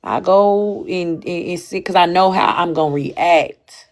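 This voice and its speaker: A young woman talking candidly and casually to her stream audience, animated and slangy, swinging between loud bursts and quiet asides. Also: lowish voice, measured pace. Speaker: livestream host. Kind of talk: casual chat.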